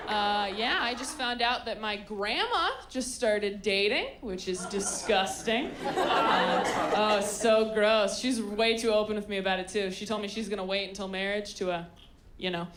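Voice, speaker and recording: A young woman performing a stand-up comedy set on stage, sarcastic and deadpan, slipping into quick mock voices. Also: mid-range voice, crowd noise. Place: comedy stage before a live audience. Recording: live show with clear audience noise. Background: audience laughter.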